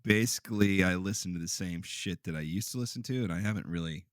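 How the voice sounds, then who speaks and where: A man's voice: low-pitched, quick pace, clear, resonant tone, no room sound, studio quality. A man hosting a podcast in casual, joking chat, swearing freely. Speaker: podcast host.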